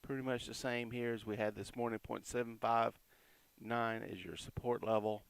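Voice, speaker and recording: Gravelly man reading crypto charts. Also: medium pitch, fairly even intonation, dry recording. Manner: chatty, reads out price levels with quick asides. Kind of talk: casual market commentary over charts.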